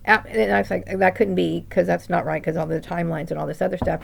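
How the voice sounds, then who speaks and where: A woman's voice: on the low side, little pitch movement, fast, vocal fry, slight background noise. A middle-aged woman venting in a rambling personal vlog monologue, indignant, with many restarts and tag questions. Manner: rambling, indignant, full of "right?" tags and restarts. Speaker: vlogger.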